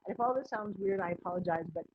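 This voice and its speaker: A woman business coach giving a recorded online course lesson in a lively, conversational way, acting out bits of dialogue. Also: mid-range voice, fast, husky. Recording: slightly muffled lo-fi audio.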